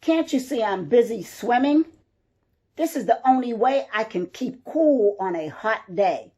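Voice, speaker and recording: A woman's voice: fairly high pitch, expressive, measured pace, dark tone. A woman doing an impatient storybook duck. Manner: brushing off, impatient. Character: busy duck swimming in a pond.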